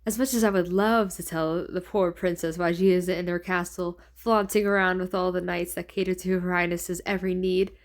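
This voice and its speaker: A woman's voice: on the low side, level tone, moderate pace, hardly any pauses, natural voice. A woman voicing a flamboyant, menacing male demon lord in her own ordinary voice, with a mocking, theatrical drawl.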